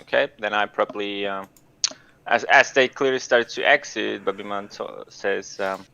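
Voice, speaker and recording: A man's voice: lowish voice, steady tone, normal speed, vocal fry, pushed and bright, dull audio. A man playing in a tabletop game, hesitant and full of fillers. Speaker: player. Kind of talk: casual tabletop play.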